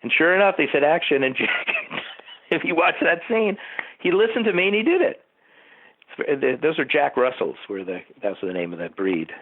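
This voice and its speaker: This TV producer has a fairly high, expressive voice and talks at a moderate pace, with a little hiss or hum in the background. The line sounds tinny, like a phone, as he rambles through behind-the-scenes stories in an interview and makes asides to the host.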